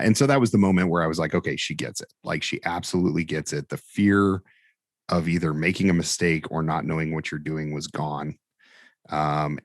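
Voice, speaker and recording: Deep-voiced man telling a story. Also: no room sound, clean studio sound. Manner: animated, acts out quoted dialogue. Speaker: fire training instructor, podcast guest. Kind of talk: casual storytelling interview.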